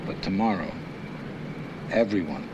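An actor playing a stern but lenient middle-aged uncle who scolds in a measured way, on a noisy film soundtrack. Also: male voice, low voice.

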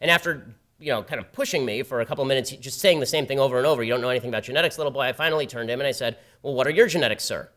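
A man giving a public talk at a campus event, telling a story in a rapid, sardonic way. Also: medium pitch, fairly bright tone. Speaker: guest speaker at a campus event. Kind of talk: public talk with a told anecdote. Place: university event before a live audience.

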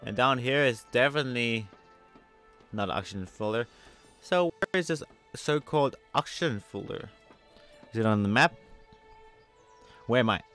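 A man narrating his play of a video game, excitable and chatty with viewers, swinging between loud outbursts and soft muttering. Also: mid-range voice, moderate pace, pauses often, soft background music. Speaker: gamer. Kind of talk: let's play commentary.

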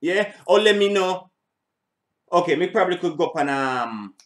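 In this reaction video, a middle-aged male host talks in a high, slightly bright, animated voice at a moderate pace. He rambles casually, circles back to the same things, and curses from time to time.

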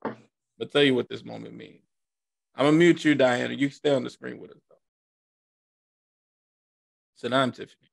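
A man with a deeply gravelly, creaky voice runs an online class over a video call. He talks casually and jokes, circling back to repeat his lines. The sound is dry and close. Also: steady tone, normal speed, pauses often, dry recording. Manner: informal, joking, repeats himself. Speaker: class instructor.

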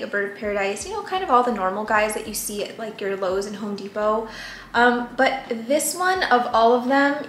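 A woman's voice: mid-range voice, fairly bright tone, reverberant, slight background noise. A young woman vlogging casually about her houseplants at home, chatty and self-deprecating, recorded on a camera mic some distance away. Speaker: plant vlogger. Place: apartment room.

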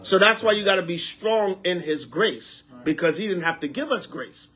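A man, an elder, preaching to a congregation in a casual, animated way, trading call-and-response with the group and repeating lines for emphasis. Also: high-pitched, moderate pace, slightly rough.

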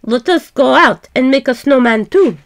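A woman voicing a calm, pious old peasant husband in a fairy tale. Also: high-pitched, moderate pace.

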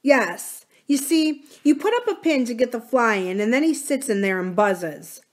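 A woman's voice: fairly high pitch, expressive, normal speed, voice pushed up, lightly acted. A woman voicing an earnest young boy in a storybook reading, eager and pleading.

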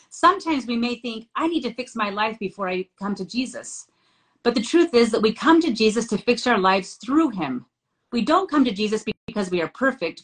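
Woman, middle-aged, host, scripture study discussion, earnest, fairly high voice. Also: a bit bright, poor audio. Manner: earnest, reads passages aloud and tells family anecdotes.

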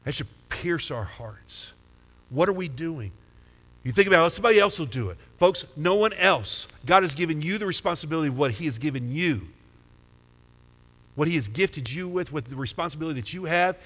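A man's voice: fairly high pitch, expressive, fairly quick, a bit bright. A man preaching a sermon as pastor, talking conversationally and putting questions to the congregation. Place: church sanctuary. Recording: long hall reverb.

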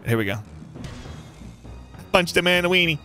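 A young man giving let's play commentary on a boss fight, excitable and taunting the enemy. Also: high-pitched, moderate pace, faint music behind. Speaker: gaming YouTuber.

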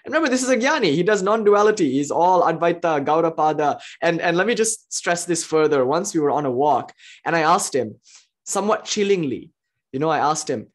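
A spiritual teacher giving a philosophy lecture, telling stories with frequent laughs and swinging between excited exclamations and hushed asides. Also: mid-range voice, brisk. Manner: animated, enthusiastic storytelling with frequent laughs.

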